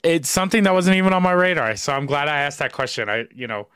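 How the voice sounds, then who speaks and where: A man's voice: fairly high pitch, expressive, quick pace, fairly bright tone, clean tone, dry recording. A man hosting a casual podcast interview, asking questions loosely, laughing often and swearing freely. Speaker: podcast host.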